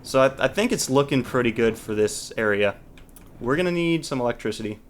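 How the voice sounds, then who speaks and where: A man in a mid-pitched voice talks through his city-building game, thinking aloud and breaking off mid-sentence. He sounds casually exasperated at times. Faint keyboard typing sits under his voice. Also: lively intonation, fairly quick, a little hiss or hum. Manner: thinks aloud, restarts and trails off, mildly exasperated. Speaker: let's play host. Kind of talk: casual gameplay commentary.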